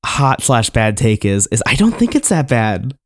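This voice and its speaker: A man's voice: medium pitch, big pitch swings, moderate pace. A man co-hosting a podcast, casually recapping a reality show and often repeating words as he starts sentences. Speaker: podcast co-host.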